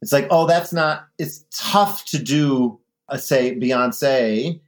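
A chatty man talking as a guest in a relaxed interview. He tells stories with energy and now and then imitates other people. His voice sits at an ordinary pitch. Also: slow pace. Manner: chatty, animated storyteller, mimics voices in anecdotes. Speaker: guest, drag performer. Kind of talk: casual interview chat.

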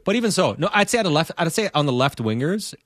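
A man's voice: on the high side, sing-song, fast talker, a bit bright, dry recording, studio quality. A man hosting a sports talk podcast, laying out his analysis with rhetorical questions. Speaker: podcast host.

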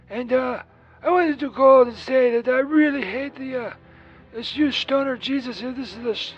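A man voicing a crude, hostile impression of an old Scottish film star, his accent slipping between Scottish, Irish and his own as he rambles and insults. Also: very high voice. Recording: muffled voicemail recording with faint music.

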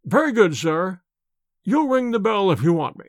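A fretful little old manservant, put on by a male storyteller, pitched high and leaping about in his worry. He speaks with rough servant's grammar and anxious deference. The recording is close and dry. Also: very animated, normal speed, no room sound. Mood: anxious, confiding.

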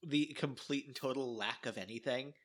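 A podcast co-host from the American Midwest who drops in quick jokes during casual banter. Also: medium pitch. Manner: quick joking interjections.

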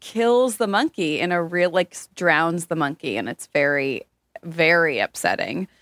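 A woman's voice: low-pitched, lively intonation, measured pace, a bit bright, no echo, studio quality. A woman casually summing up a novel's plot in a chat with friends, slipping into mocking voices for the characters.

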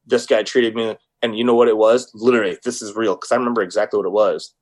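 A man's voice: fairly low pitch, steady tone, fast. A young man co-hosting a podcast, telling stories in casual chat, swearing freely and acting out the people he quotes. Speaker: podcast co-host.

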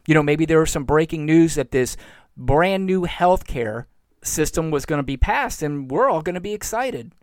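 Sarcastic and getting more worked up by the minute, a Floridian podcast host holds forth on politics alone from home. His fairly high voice is captured on a home recording mic with no room sound.

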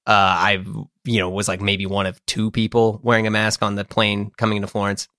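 A man's voice: fairly low pitch, flat delivery, a little fast, bright, forceful tone, no echo, clean studio sound. A man casually telling a personal story, rambling and poking fun at himself. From United States. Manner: rambling, self-deprecating, full of fillers and restarts.

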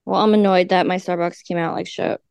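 A woman's voice: on the low side, steady tone, brisk, vocal fry, darkish tone, clean tone, no echo. A woman co-hosting a casual chat podcast, blunt and crude as she teases her friend. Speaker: podcast co-host.

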